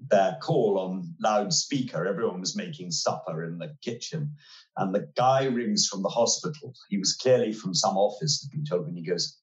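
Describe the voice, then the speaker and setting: A man's voice: low voice, moderate pace, dull audio. Wry older man, roomy sound. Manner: articulate, wry storytelling with frequent hesitations. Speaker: interview guest. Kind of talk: relaxed conversational interview.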